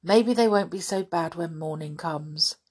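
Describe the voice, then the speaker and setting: A woman voicing an absent-minded, clever uncle in a storybook reading, blustering and then comforting, with a husky voice. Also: fairly low pitch, unhurried, a little mellow. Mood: soothing.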